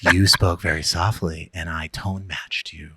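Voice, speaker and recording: A man hosting a podcast, loud, bold and playful as he chats and introduces his guest. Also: low-pitched, level tone, normal speed. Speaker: podcast host.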